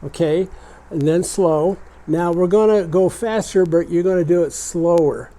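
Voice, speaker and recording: Older guy teaching motorcycle stuff step by step, kinda high voice, soft warm tone. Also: a little slow, poor audio. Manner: patient, step-by-step instruction. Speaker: mechanic teaching motorcycle repair. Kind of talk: hands-on demonstration.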